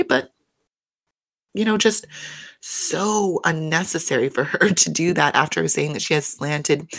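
A woman's voice: sits low, fairly bright tone, no room sound, clean studio sound. A woman giving a casual, chatty recap of a reality show, swearing freely and laughing between points.

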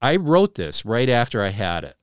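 A man co-hosting a podcast, retelling a story earnestly with halting restarts and a hushed, slowed delivery on dramatic moments. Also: sing-song, clear, resonant tone, dry recording, clean studio sound. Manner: slows and drops to a low hush on dramatic moments. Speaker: podcast co-host. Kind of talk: casual storytelling chat.

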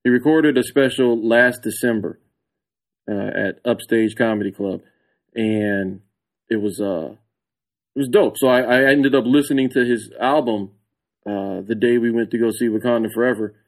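A man's voice: mid-range voice, normal speed, low-quality recording. A man, a comedian guest on a podcast, telling a story casually with lots of swearing and laughter. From San Antonio, Texas. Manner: animated, acts out his own reactions in a raised voice; profane, laughs often.

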